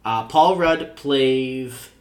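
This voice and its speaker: A man at an ordinary middle pitch talks through a recap in loose, casual chat. He laughs often and leans on "uh" as he restarts his thoughts. It sounds like easygoing podcast banter. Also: drawn-out words, reverberant. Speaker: podcast co-host reviewing sketch comedy.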